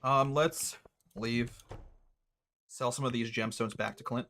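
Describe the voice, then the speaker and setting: A young man casually commentating his own gameplay, thinking out loud with a wry, chatty manner. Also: mid-range voice, steady tone, takes it slowly, slight background noise. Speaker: gaming streamer. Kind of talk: casual let's-play commentary.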